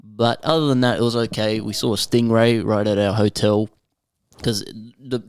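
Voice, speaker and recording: A young man with an Australian accent, talking in a relaxed, profane, storytelling way. The recording is dry and close, with almost no room sound. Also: on the low side, moderate pace, clean tone, no echo. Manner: laid-back, profane storyteller who laughs often. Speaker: podcast panelist. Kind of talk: casual chat.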